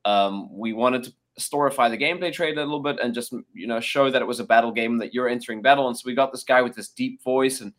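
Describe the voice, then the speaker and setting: A man's voice: mid-range voice, fast, hardly any pauses, a bit bright. A man, a game developer guest, chatting casually and rambling, with many fillers and restarts. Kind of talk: casual chat.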